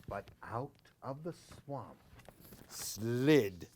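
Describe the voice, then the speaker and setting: A man reading a children's picture book aloud as a library storyteller, playing with sound words and dropping into hushed whispers. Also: medium pitch, sing-song, slow pace, no room sound.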